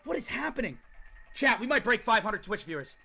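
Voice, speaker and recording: A young man streaming a video game live, talking excitedly to his chat and often shouting in disbelief. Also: high-pitched, gravelly. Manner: hyped, shouting at chat, rapid exclamations. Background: game music.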